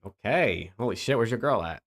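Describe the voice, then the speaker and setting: A young man hosting a live podcast stream, bantering casually, incredulous and animated, swearing freely. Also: on the low side, brisk. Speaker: podcast host.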